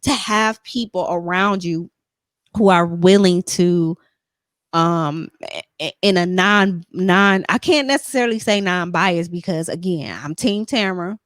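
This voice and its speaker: A woman's voice: lowish voice, unhurried, no echo. Earnest woman podcast host, dry sound. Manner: earnest, encouraging, repeats "you know what I'm saying". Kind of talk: casual chat.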